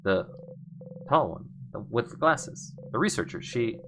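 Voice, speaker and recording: A man's voice: big pitch swings, measured pace, background noise. Young man reading game text dramatically. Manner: dramatic reading with big swings in pitch and loudness, muttering asides. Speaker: let's play host. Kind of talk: casual gameplay commentary, reading game text aloud.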